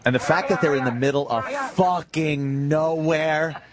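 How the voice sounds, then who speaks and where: Profane excitable man riffing on a movie. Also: on the high side, a little slow, over a noisy crowd. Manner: profane, excitable, laughing often. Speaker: podcast co-host. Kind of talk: casual chat watching a movie.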